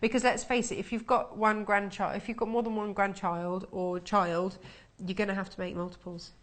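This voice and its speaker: A woman's voice: medium pitch, level tone, normal speed. A woman presenting a live shopping channel from a TV studio, chatting and selling in upbeat patter.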